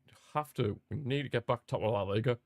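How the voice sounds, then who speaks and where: A young man hosting a live football watchalong, chatting casually and repeating himself, with sudden bursts of excitement. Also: medium pitch, fast talker, no room sound, studio quality. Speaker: watchalong host. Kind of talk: casual live match commentary.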